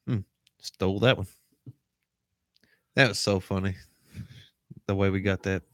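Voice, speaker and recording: A man's voice: deep voice, steady tone, measured pace, no echo, clean studio sound. A man co-hosting a casual, crude podcast, telling rowdy stories and acting out what other people said. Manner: rowdy storyteller, acts out others' lines. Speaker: podcast co-host.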